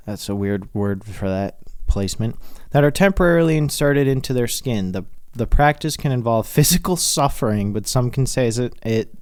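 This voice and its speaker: A man's voice: medium pitch, clean tone, no echo. Rambling, swearing young man podcaster. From Minnesota. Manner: rambling, swears freely, laughs often. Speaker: podcast host. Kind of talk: casual solo podcast monologue.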